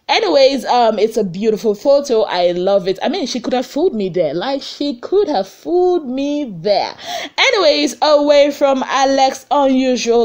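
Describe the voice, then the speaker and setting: A woman's voice: medium pitch, a little mellow. A young woman with a Nigerian accent, chatting animatedly through celebrity gossip with rhetorical questions and pidgin asides. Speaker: entertainment gossip vlogger. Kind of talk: casual gossip commentary.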